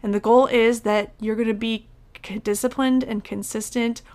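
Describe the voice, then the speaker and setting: A young woman with a fairly high voice gives blunt, emphatic coaching advice about eating and habits. She talks in a casual, motivational way and swears now and then. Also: steady tone, moderate pace, a little mellow. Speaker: nutrition coach. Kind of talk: motivational talk to camera or podcast.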